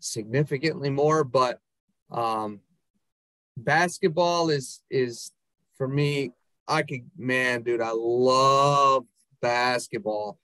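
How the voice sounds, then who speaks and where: A man's voice: medium pitch, slow, bright, forceful tone, no room sound. A man in his forties from the United States, a podcast guest in casual chat, easygoing and enthusiastic. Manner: easygoing and enthusiastic, calls people dude and bro.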